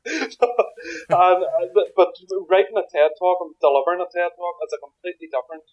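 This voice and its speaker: A man from Derry with a Derry accent, answering relaxed interview questions with self-deprecating humor over a remote call. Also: high voice, normal speed. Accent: Derry, Northern Irish. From Derry, Northern Ireland. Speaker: guest, author and speaker. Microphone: remote video call. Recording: dull lo-fi call audio.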